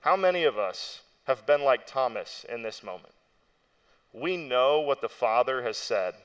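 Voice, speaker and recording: A man's voice: medium pitch, expressive, unhurried, clean tone. A young adult man giving a sermon as pastor, preaching in a conversational storytelling way with frequent asides to the listeners.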